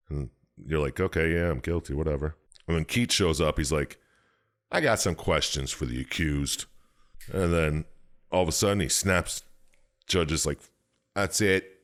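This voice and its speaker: A podcast co-host with a very low voice recaps a game's plot in loose, rambling casual chat. He swears freely and now and then slips into squeaky, exaggerated character voices.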